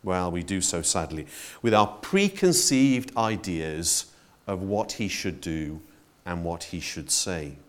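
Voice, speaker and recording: A man preaching a sermon in a conversational, expressive way, addressing his congregation directly. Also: slow. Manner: expressive, conversational preaching with wide swings in pitch and loudness.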